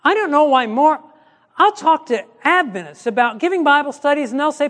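Pastor guy with a really high voice, chatty teaching talk, long echo like a church hall. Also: animated, fast talker, a bit bright. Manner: conversational, acts out quoted dialogue.

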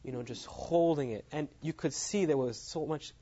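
A man's voice: on the high side, moderate pace, warm tone, slightly rough. A man giving a sermon as he tells a personal story, laughing often at his own lines. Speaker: preacher. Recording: dull lo-fi sound.

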